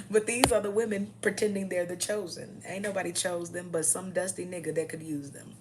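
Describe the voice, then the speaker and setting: A woman's voice: on the low side, background noise. A young adult woman ranting to camera in a blunt, mocking, profane way, often tagging her points with "okay?". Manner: repeats "okay?" as a tag. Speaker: vlogger.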